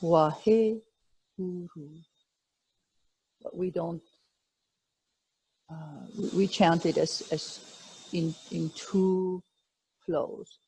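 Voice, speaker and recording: A woman leads a yoga and meditation practice in a calm, soothing manner. Her voice sits a little low and mellow, with a soft breathy edge. She speaks very slowly and lets each instruction settle. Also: poor audio. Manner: slow, calm, soothing guidance. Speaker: yoga teacher.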